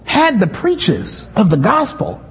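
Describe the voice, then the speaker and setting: A male pastor preaching a sermon in a church, conversational and animated, with asides and sudden shouts. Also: sits high, unhurried, big-room sound, slight background noise. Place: church sanctuary.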